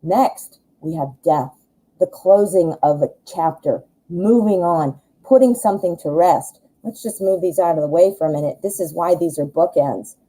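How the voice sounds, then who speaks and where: A woman doing a live tarot reading in a very dark, mellow, lowish voice. She talks in a chatty, reassuring way, thinking aloud with lots of ums as she lays out the cards. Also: normal speed, poor audio. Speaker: tarot reader.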